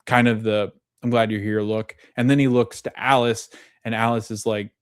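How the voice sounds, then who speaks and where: A man's voice: fairly low pitch, little pitch movement, moderate pace, smooth, no room sound, clean studio sound. A young adult man, a podcast host, casually recapping a TV episode and retelling its scenes in a loose, conversational way.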